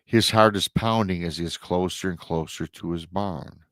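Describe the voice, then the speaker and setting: This low-voiced man hosts a storytelling podcast, reading out a listener's emailed account with dramatic flair and emotional commentary. His tone is fairly bright and his pace normal, captured in studio quality without any room sound.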